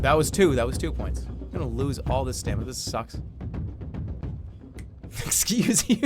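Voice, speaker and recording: Excitable, swearing man streaming a game. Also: mid-range voice. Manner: excitable, swears, boastful self-mockery. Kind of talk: live gameplay commentary, reading game text aloud.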